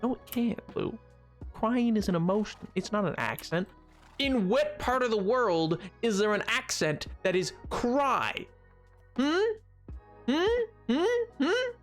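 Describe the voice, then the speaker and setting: A man's voice: high voice, expressive, unhurried, faint music behind. A man streaming a game, rambling and joking with his viewers in casual chat. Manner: rambling, jokey, chatting to viewers.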